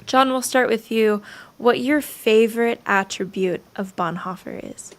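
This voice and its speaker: Woman, livestream host, fairly high voice, conversational, encouraging. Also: measured pace. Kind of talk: livestream interview.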